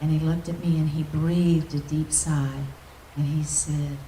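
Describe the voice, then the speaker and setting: A woman minister telling an emotional testimony in a storytelling manner, often dropping to a soft, near-whispered voice. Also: low voice, flat delivery, unhurried, slight background noise. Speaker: guest minister. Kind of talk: testimony preaching. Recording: echoey hall, distant mic.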